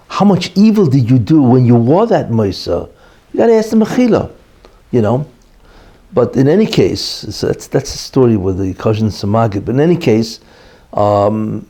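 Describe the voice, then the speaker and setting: A rabbi teaching a Torah class in a loose, chatty way, with "you know" every few phrases. He acts out the people in his story as he goes. His voice sits at a middle pitch with a mellow, dark tone. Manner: conversational, many fillers like "you know"; acts out quoted characters in the story. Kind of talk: informal Torah lecture with storytelling.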